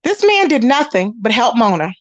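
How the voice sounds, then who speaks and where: Sassy high-voiced woman dishing drama. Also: moderate pace, no echo. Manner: animated and sassy, calls listeners y'all and baby. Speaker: commentary channel host. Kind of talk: casual commentary on online drama.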